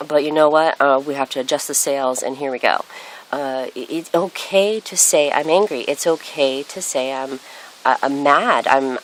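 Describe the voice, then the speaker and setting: A middle-aged woman speaking in a reflective, earnest way, often pausing with fillers and restarting her sentences. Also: deep voice, rough recording. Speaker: spiritual speaker. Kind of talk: casual spiritual monologue. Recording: faint hiss.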